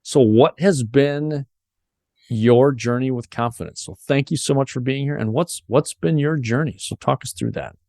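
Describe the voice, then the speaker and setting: A man's voice: mid-range voice, normal speed, a little mellow, no room sound, studio quality. A man hosting a podcast interview, telling a personal story earnestly and openly. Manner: earnest, emotional storytelling with restarts. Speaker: podcast host.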